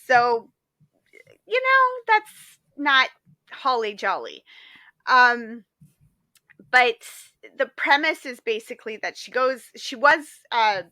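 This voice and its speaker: A woman co-hosting a podcast, chatting casually and retelling a story in a lively way full of fillers. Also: fairly high pitch, slow pace, no echo. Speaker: podcast co-host. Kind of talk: casual chat.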